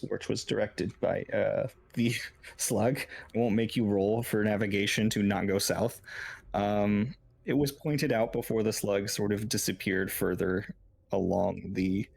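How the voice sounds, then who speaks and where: A man's voice: on the low side, creaky, a little mellow, slightly rough. A man narrating as game master in a tabletop game, loose and full of fillers.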